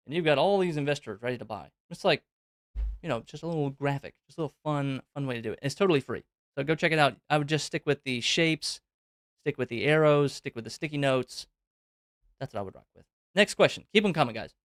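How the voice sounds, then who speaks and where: A man's voice: a little high, expressive, fast talker, a bit bright, no echo, studio quality. A man hosting a live Q&A stream, explaining things on screen in a loose, conversational way with plenty of fillers. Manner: loose and conversational, thinking aloud with many fillers.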